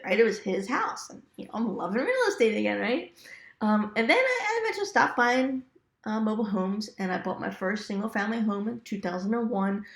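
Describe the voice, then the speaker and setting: Chatty woman with a gravelly edge. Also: medium pitch, echoey room. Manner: chatty, laughs often, lively quoted asides. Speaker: real estate investor sharing stories. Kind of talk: casual storytelling to camera.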